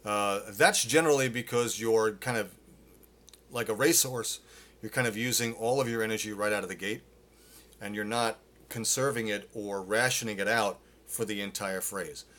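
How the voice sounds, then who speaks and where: A middle-aged man teaching a live singing Q&A, explaining casually with lots of fillers and quick demonstrations. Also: lowish voice, a bit bright. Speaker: vocal coach.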